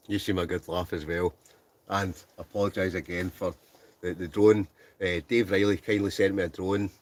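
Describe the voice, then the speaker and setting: A Scottish man hosting a casual livestream from his tent, chatting, laughing and reading out viewer comments. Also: low-pitched. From Scotland. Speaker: livestream host. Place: inside a tent.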